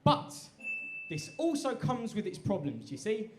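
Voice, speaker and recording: Animated man doing stand-up. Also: high-pitched, a little slow, slight background noise. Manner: animated, self-deprecating, conversational. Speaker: stand-up comedian. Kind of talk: stand-up set. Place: live comedy venue. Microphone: handheld stage mic. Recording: echoey live venue.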